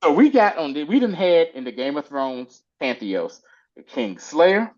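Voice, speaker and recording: A man casually recapping a TV episode with a co-host, animated and slangy, acting out the characters' lines in quick little voices. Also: on the high side, lo-fi sound. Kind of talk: casual chat.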